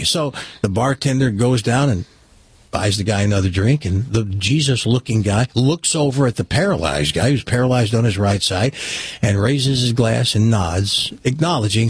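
A man hosting a radio show, telling a long joke in an animated storytelling way. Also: mid-range voice, moderate pace, slightly rough, no room sound. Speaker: radio host.

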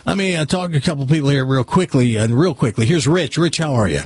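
A man's voice: medium pitch, fast talker, a little mellow, husky. An older man hosting a radio talk show, chatty and opinionated in casual talk.

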